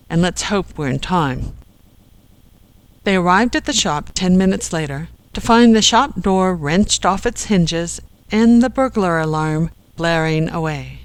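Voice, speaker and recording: A steady audiobook narrator reading a comic adventure at an even middle pitch. The recording is close and dry, with no room sound at all. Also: no echo, poor audio. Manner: steady storytelling read. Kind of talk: scripted narration.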